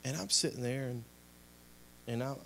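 The preacher is a young adult man with a medium-pitched, fairly bright voice with vocal fry, talking at a moderate pace over a little hiss or hum. Delivering a sermon and a closing prayer, he is impassioned, rising and falling in volume with repetitive exhortations.

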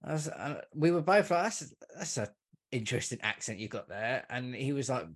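A man's voice: medium pitch, expressive, brisk. A man, a podcast guest, chatting casually about football and swearing freely. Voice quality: swears freely, calls listener mate and man. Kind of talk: casual chat.

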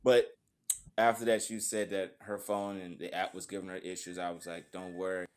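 A man from the United States hosting casual chat, telling stories in a relaxed way and laughing often. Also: low-pitched, normal speed. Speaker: host.

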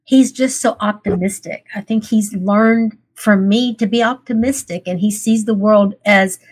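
A woman, speaking as an interview guest. She tells her story candidly and earnestly, her voice full of feeling. She laughs even through tears. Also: mid-range voice, a little slow, slightly rough.

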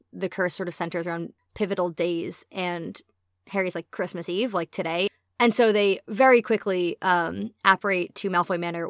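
A woman's voice: medium pitch, a bit bright, no room sound, studio quality. A woman co-hosting a casual chat, retelling a story with quoted lines and the odd swear. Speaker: podcast co-host.

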